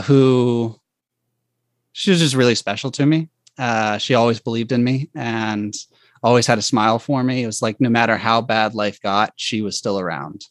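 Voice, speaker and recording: Man, medium pitch, halting reflective testimony, dry close sound. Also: a bit bright, dry recording. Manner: halting and reflective, with frequent restarts and fillers. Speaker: guest telling his faith story. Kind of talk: personal testimony in conversation.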